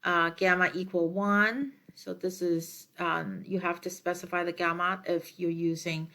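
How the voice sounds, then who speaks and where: A woman lecturer explaining her slides in a measured way, with frequent ums and uhs as she works through each step. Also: on the low side, fairly even intonation, sharp tone.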